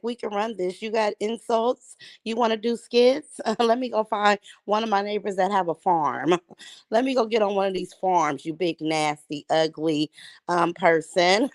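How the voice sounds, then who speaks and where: A woman's voice: mid-range voice, dry recording. Trash-talking woman livestream host. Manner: greets viewers by name, trash-talking. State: voice sounds strained. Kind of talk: casual livestream chat.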